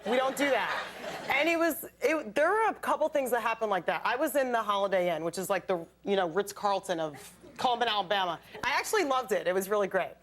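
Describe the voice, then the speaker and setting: A young woman telling stories as a guest on a late night talk show, in a chatty, animated way. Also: medium pitch, fast talker, slight background noise. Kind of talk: casual chat. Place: television studio with audience. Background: studio audience.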